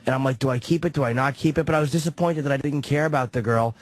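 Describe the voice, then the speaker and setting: A man's voice: mid-range voice, very fast, dry recording. A man co-hosting a talk radio show, telling rambling, self-mocking stories in crude, casual banter. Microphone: studio broadcast mic.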